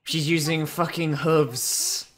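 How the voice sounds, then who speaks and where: Low-voiced woman cracking crude jokes. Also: steady tone, slow. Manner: crude, sarcastic and profane. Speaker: video host reacting to a cartoon. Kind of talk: casual reaction commentary.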